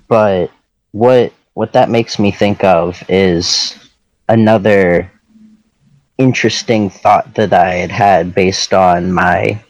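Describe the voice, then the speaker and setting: A man in casual conversation, musing slowly and reflectively on ideas. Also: low-pitched, no room sound, poor audio. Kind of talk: casual chat.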